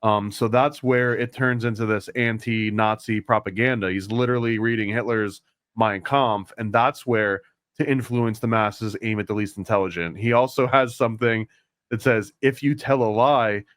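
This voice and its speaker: A man co-hosting a podcast, casually retelling and analyzing an old cartoon, rambling with quick asides. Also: fairly low pitch, steady tone, dry recording, studio quality. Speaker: podcast co-host. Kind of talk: casual discussion.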